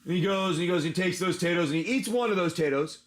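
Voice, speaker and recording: A man's voice: high-pitched, fast talker. A man running a casual tabletop-style adventure as game master, rambling with many restarts.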